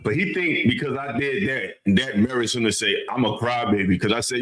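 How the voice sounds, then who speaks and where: A man's voice: medium pitch, moderate pace, hardly any pauses, a bit bright, rough recording. A man hosting a stream, giving casual, blunt, slangy commentary over a replayed clip. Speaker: host.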